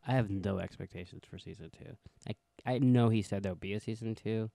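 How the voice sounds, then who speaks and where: A man's voice: lowish voice, fairly quick, vocal fry, mellow, no echo. A man co-hosting a casual podcast, blunt and sarcastic, swearing freely. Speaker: podcast co-host. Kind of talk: casual chat.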